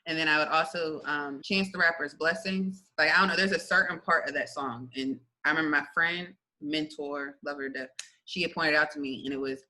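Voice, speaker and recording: A young woman gives her faith testimony in a casual interview, talking in a loose, chatty way. Her voice is very bright and forceful, and she breaks into laughter often. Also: low-pitched, quick pace, poor audio. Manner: lively, chatty, laughs often, many fillers. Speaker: guest sharing her testimony.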